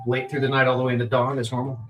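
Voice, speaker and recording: A man's voice: medium pitch, monotone, racing, fairly bright tone, poor audio. A man playing a tabletop role-playing game, giving short, dry replies, partly in character. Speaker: player.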